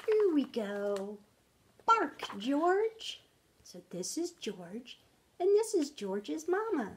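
A woman reading a picture book aloud to young children. She speaks slowly and gently, her fairly high voice rising and falling a lot. She often pauses to ask the children questions, and her tone is soft and breathy. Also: sing-song. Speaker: storytime reader.

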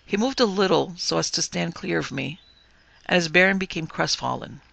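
A man who hosts a podcast, reading a ghost story aloud as dramatic narration with lively dialogue. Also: fairly high pitch, moderate pace, gravelly. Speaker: podcast host and story reader. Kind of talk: scripted narration.

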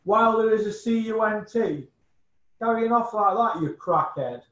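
Bloke ranting about fighters, high pitched, roomy echo, kinda dull lo-fi sound. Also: male voice, unhurried, a bit bright. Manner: scornful, swearing, repeats insults. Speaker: boxing pundit guest. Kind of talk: blunt opinionated chat.

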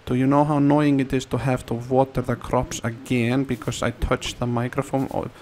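A man's voice: mid-range voice, little pitch movement, moderate pace, a little mellow, a little hiss or hum. A man giving casual, rambling commentary while he plays a game, playful and given to sing-song repeats. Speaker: let's play gamer.

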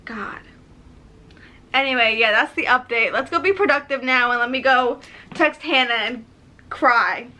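A woman's voice: fairly high pitch, a little slow, long pauses, bright, forceful tone. A woman talking casually in a book vlog, chatty and effusive, with lots of fillers. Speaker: book vlogger.

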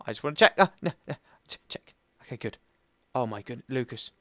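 A man hosting a video game let's play, chatting and rambling to himself and his viewers, switching between loud bursts and soft muttering. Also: medium pitch, expressive, a little fast, no room sound, studio quality.

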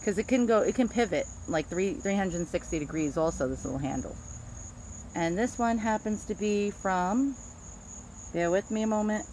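A middle-aged woman with a Queens, New York accent, an antique dealer, chats casually while showing off her antiques and tripping over names. Her voice is medium-pitched and a little mellow, moving at a normal speed, with a slight hiss or hum in the background.

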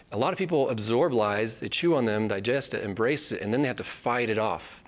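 Speaking a little fast with few pauses, this man teaches the Bible conversationally and earnestly. He drives points home by repeating them with a tagged "right?" and slips into a higher pitch when acting out quoted voices.

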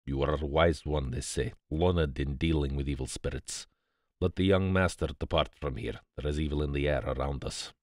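A man voicing a solemn older male servant who speaks slowly in a hushed, grave voice. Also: low-pitched, fairly even intonation, dry recording, studio quality, lightly acted. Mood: foreboding.

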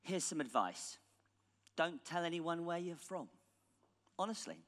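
A man's voice: fairly high pitch, lively intonation, measured pace, fairly bright tone. A British man giving a conference keynote in a blunt, ironic, casual manner with swearing. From England. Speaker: conference speaker. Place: large conference hall stage. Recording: long hall reverb.

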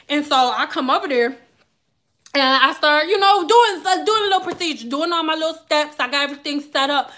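A woman vlogger telling a story to her viewers in a candid, animated, profane way. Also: sits high, brisk. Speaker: vlogger and hair stylist. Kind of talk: casual storytelling to camera.

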